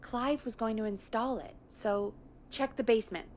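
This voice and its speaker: A woman voicing Peggy, a brisk, helpful radio-station colleague in a video game. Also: on the high side, a little hiss or hum, natural voice.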